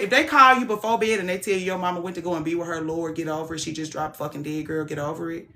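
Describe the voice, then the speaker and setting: Frank, animated woman chatting on stream. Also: fairly low pitch, quick pace, hardly any pauses. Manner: frank, animated, swings from soft to loud. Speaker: livestream host. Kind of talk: casual livestream chat.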